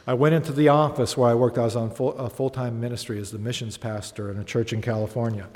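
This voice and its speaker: A man's voice: mid-range voice, steady tone, quick pace, darkish tone. A man preaching a sermon, telling stories and building to earnest, emphatic appeals. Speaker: pastor. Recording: long hall reverb.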